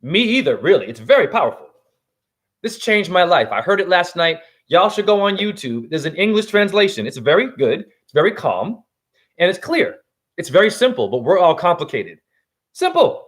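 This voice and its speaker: A man delivering a heated, profane spiritual monologue that swings between loud outbursts and hushed asides. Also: sits high, very animated, moderate pace. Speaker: spiritual vlogger.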